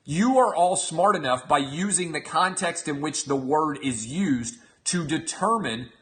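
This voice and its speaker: A man's voice: on the high side, lively intonation, a little slow, a bit bright. A man in his thirties hosting a show, giving an emphatic opinionated monologue and often checking in with his listeners. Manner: emphatic, asks the audience 'all right?'. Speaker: show host.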